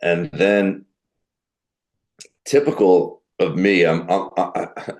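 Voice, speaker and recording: Deep-voiced man telling stories. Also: lively intonation, takes it slowly, darkish tone. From New Jersey. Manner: chatty, anecdotal, self-mocking. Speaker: guest comedian. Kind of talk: casual storytelling interview.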